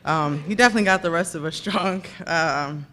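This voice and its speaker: A woman's voice: on the low side, fairly quick, sharp tone, slight background noise. A woman in her thirties giving a rambling, chatty, self-deprecating acceptance speech at a ceremony breakfast, thanking people by name at a podium microphone. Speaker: hall of fame inductee giving a speech. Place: ceremony breakfast in a banquet room.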